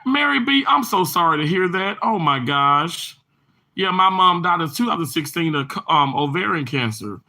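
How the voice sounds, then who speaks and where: A man with a fairly high, sharp voice and lively intonation talks at normal speed as he hosts a casual livestream. Reading viewer comments and greeting each by name, he keeps up long, chatty, rambling stretches packed with fillers and restarts.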